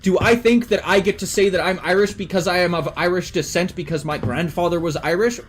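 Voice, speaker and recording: Blunt swearing Canadian man, higher voice. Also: fairly even intonation, brisk, a little hiss or hum. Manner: blunt, heavy swearing, emphatic. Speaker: streamer. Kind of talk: casual chat with stream chat.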